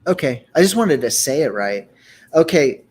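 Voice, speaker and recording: A man leading a group Torah study discussion, explaining scripture and sounding out Hebrew words in a measured, teaching manner. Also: a little high, sing-song, darkish tone, slightly rough.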